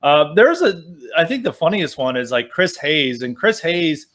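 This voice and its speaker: Male podcast guest, slightly high pitch, animated sarcastic delivery, filler-heavy. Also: moderate pace. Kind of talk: casual political chat.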